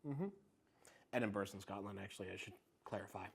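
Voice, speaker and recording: A man's voice: fairly low pitch, brisk, creaky, slightly rough. A man co-hosting a casual podcast chat in a library podcast room, loose and joking, swearing casually. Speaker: podcast co-host.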